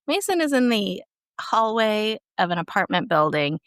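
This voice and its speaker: A woman chats casually as a podcast guest, telling the story in an animated way. Her pitch sits mid-range but moves a lot, and the sound is dry and close. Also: moderate pace, no echo. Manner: lively, chatty storytelling. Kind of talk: casual recap chat.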